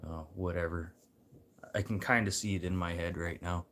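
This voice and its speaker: Deep-voiced guy, blunt and rambling, swears constantly in a loose rant. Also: fairly even intonation, moderate pace, a bit bright. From Manitoba. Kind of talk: casual rant.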